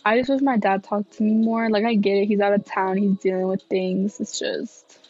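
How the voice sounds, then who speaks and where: A woman's voice: medium pitch, level tone, a little fast, a little mellow, dry recording, highs cut off. A tired young woman, talking candidly and swearing often in a casual solo podcast. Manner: candid and profane, many fillers. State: tired, yawning. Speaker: podcast host.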